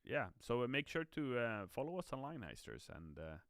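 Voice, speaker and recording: This medium-pitched man sounds very animated and a bit bright, talking at a moderate pace as a game community manager on a live stream. Though tired and yawning, he stays upbeat reading viewer comments aloud on a streaming mic, with clean studio sound and no echo.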